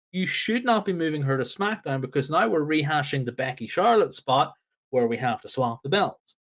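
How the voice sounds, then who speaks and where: A man co-hosting a casual podcast chat, ranting in an exasperated, animated way. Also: a little high. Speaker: podcast co-host.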